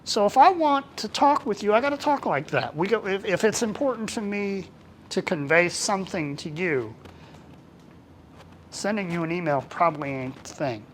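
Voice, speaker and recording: A lively trainer speaks casually to a small workshop group, with a voice that swings widely up and down in pitch. The tone is colloquial and informal, and bits of dialogue get acted out along the way. Faint background noise sits under the voice. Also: normal speed. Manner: animated and colloquial, acts out quoted dialogue. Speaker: workplace trainer.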